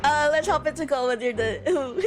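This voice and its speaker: A woman streamer chatting casually and excitably between voiced game lines, laughing often and swearing. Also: high-pitched, fairly quick, music in the background. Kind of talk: casual live-stream chat while voicing game characters.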